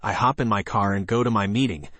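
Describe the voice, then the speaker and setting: Male horror narrator, lower voice, steady scripted read, dry close sound. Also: fast, no echo.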